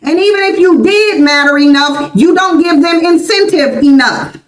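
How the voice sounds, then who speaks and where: High-pitched american lady in her 40s, livestream host, repeats herself hard, roomy echo. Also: moderate pace. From United States. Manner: emphatic, repeats her points insistently. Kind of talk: livestream commentary.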